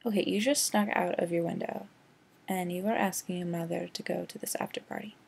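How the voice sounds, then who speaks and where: Gravelly, sarcastic young woman ranting. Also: fairly low pitch, steady tone, brisk. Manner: sarcastic, rambling, heavy use of "like". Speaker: vlogger. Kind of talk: casual movie rant.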